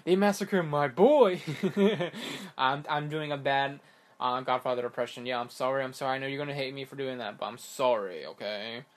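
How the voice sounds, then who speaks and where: A young man vlogging casually about crypto, animated and exasperated, rambling with many restarts. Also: medium pitch, a little fast. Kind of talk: casual ranting monologue.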